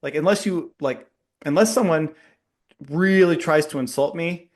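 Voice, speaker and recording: A man who works as a pharmacist, co-hosting a podcast in casual chat, animated and quick to laugh. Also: a little high.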